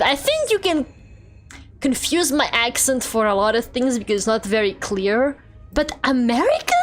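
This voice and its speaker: A woman's voice: mid-range voice, slight background noise. A young woman from Russia streaming a game, talking casually and chattily with lots of fillers and frequent laughter. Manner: chatty, rambling, filler-heavy, laughs often. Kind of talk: casual gameplay chat.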